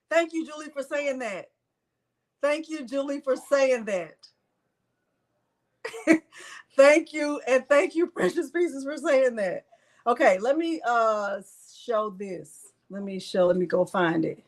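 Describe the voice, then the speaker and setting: A woman's voice: on the high side, lively intonation, a little slow, a bit bright. A middle-aged woman hosting a craft livestream, chatting casually and emphatically repeating herself to viewers. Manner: repetitive, emphatic, talks to viewers.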